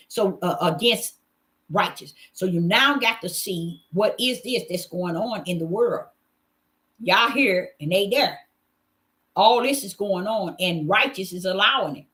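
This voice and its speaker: A woman's voice: on the low side, a bit bright. A woman delivering an impassioned sermon straight to her audience. She scolds and repeats phrases for emphasis, pressing her points again and again. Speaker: self-styled preacher. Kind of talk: impassioned preaching to camera.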